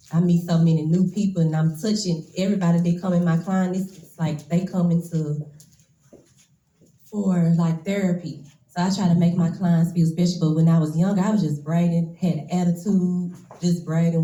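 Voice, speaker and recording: Nervous woman in her 20s talking at a shop event, low mellow voice, roomy echo. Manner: nervous, emotional, casual. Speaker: braider speaking at an event. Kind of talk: nervous personal speech.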